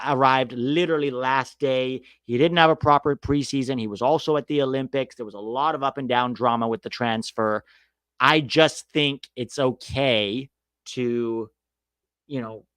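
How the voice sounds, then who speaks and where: A man's voice: medium pitch, fairly bright tone, no echo. A man hosting a casual soccer podcast, talking bluntly and sarcastically, swearing freely as he answers viewers. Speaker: soccer podcast host reading live chat. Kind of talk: casual opinionated chat.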